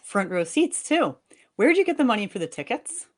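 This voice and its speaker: A woman reading the part of a fed-up young wife and mother, sharp and sarcastic with her husband. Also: medium pitch, big pitch swings, normal speed. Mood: accusing. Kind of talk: live fiction reading.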